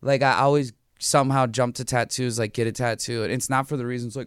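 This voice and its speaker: Young man, from Minnesota, podcast guest, rambling slangy storyteller, smooth clear voice, dry close sound. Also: medium pitch, little pitch movement, fast, dry recording. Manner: rambling, slangy, lots of "like" and "dude". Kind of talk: casual chat.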